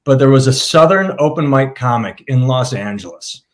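A man's voice: mid-range voice, animated, moderate pace. Storytelling man in casual chat, wry and crude, spitballing his thoughts. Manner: joking storyteller, casual and profane. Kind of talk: casual podcast conversation.

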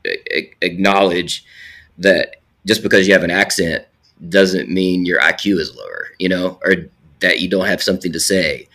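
A man's voice: deep voice, moderate pace, creaky, pushed and bright. A man who is a film producer, talking in casual conversation with many restarts and fillers while sick with a cold.

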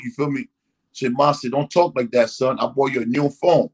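A man's voice: mid-range voice, brisk, slightly rough, low-quality recording. A man telling a long story in casual conversation, acting out the people in it and often asking "you know what I mean". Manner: animated, acts out quotes, frequent "you know what I mean". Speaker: guest.

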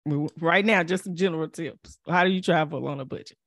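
A woman's voice: sits low, dry recording. Laughing woman podcast host, dry sound. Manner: laughs often, asks questions briskly. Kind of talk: casual podcast interview.

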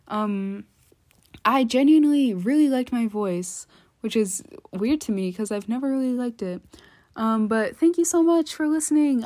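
A teenage girl rambles through a casual solo podcast she records at home on her phone, full of ums and giggly asides. Her voice is fairly high and warm, and she sounds chatty and relaxed.

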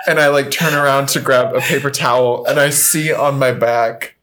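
A young man, a podcast guest, telling a long comic story in casual chat, animated and often laughing. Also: mid-range voice, normal speed, few pauses. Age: young adult.

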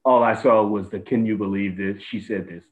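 A man's voice: lowish voice, fairly even intonation, fairly quick, narrow, tinny audio. A man co-hosting a podcast in casual chat, rambling through his points with frequent restarts. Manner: rambling, with many restarts and fillers. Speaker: podcast co-host.

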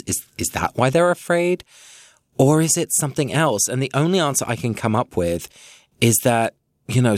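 A man's voice: medium pitch, dry recording, studio quality. A man co-hosting a podcast, musing thoughtfully in a casual reflective discussion. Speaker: podcast co-host.

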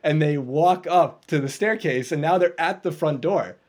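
A man guesting on an interview podcast, telling a story with lively energy and frequent laughs. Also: a little high, moderate pace. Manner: animated storyteller, laughs often, acts out voices. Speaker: guest coach.

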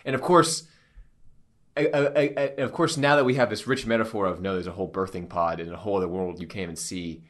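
A man co-hosting a casual talk show about a film and faith. He talks in an animated way, with many restarts and laughs between thoughts. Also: low-pitched, fast. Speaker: podcast co-host.

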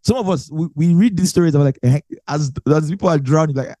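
A man teaching a sermon, emphatic and animated, hammering home key phrases by repeating them. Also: on the high side, fast, few pauses, no room sound, clean studio sound. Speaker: Bible teacher.

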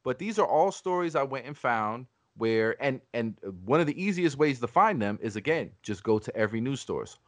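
A man's voice: medium pitch, moderate pace, few pauses, no echo. Podcast guy ranting casually, cusses, trips over his words, dry close sound. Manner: animated, argumentative, swears, many restarts. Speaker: podcast host.

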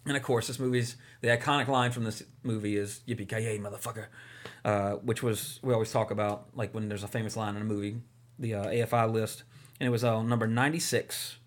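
A man's voice: lowish voice, fairly even intonation, fairly quick. A man co-hosting a casual movie podcast, talking enthusiastically and rambling with lots of fillers. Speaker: podcast co-host.

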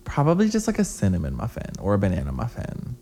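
A man's voice: lowish voice, wildly swooping pitch, quick pace, gravelly, dark tone, slightly rough. A young man co-hosting a podcast in casual chat, full of "like" fillers and offhand swearing. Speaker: podcast co-host.

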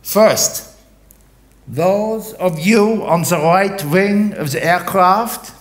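A man's voice: a little high, a little slow, pitched above the performer's own voice, close to an everyday voice. A man putting on a formal airline captain. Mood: formal, reassuring. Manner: polite announcing tone, stiffly formal. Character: formal male airline captain, calm and courteous.

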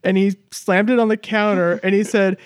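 Male co-host, high-pitched, rambling laughing storyteller, dry sound. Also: flat delivery, normal speed, clear, resonant tone, no echo. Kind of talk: casual chat.

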